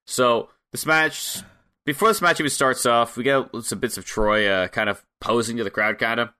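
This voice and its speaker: A man's voice: mid-range voice, steady tone, moderate pace, bright, forceful tone, clear, resonant tone. A man co-hosting a casual podcast, laid-back and wry, recapping with plenty of filler words. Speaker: podcast co-host.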